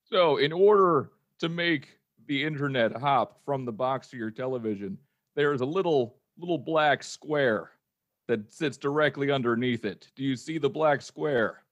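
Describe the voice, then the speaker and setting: A man's voice: mid-range voice, a little slow, lo-fi sound, lightly acted. A man voicing an overly polite male internet-provider phone rep with an odd put-on accent in an improvised comedy scene. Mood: dryly patient.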